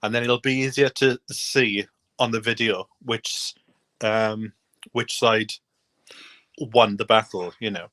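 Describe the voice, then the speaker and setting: A man's voice: fairly low pitch, steady tone, slow pace, pushed and bright, dry recording. Chatty man, dry close sound. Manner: rambling, self-deprecating, chatty. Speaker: host. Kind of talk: casual chat.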